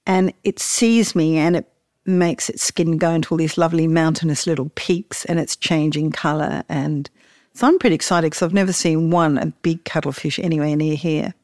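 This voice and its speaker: A woman's voice: low voice, fairly even intonation, normal speed, a little mellow, no room sound, studio quality. A woman, casually telling a story about snorkelling and laughing often as she talks.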